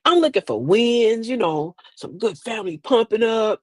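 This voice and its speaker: A woman's voice: on the high side, lively intonation, moderate pace, no echo. An older woman hosting a casual comedic chat, sassy and preachy, laughing through her asides. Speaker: host. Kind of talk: casual comedic storytelling to an online audience.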